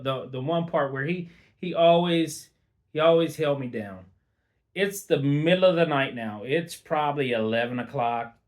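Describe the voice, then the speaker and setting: A middle-aged man spins an unscripted storytime at an unhurried pace. He rambles casually, circling back with fillers and restarts. His pitch sits in an ordinary middle range. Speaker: vlogger.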